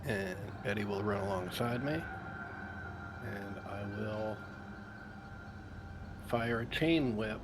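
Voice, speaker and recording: A man playing a tabletop game, calmly describing his moves. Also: fairly low pitch, slow pace, long pauses, background noise. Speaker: player. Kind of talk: casual tabletop game chat.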